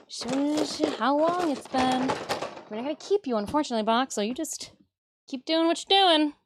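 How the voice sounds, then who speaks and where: A cosplayer from Michigan, USA, livestreams while building a costume in an indoor craft workspace, chatting casually with viewers, muttering to herself, and laughing often. Her voice sits high and is expressive, at a moderate pace, over a noisy background.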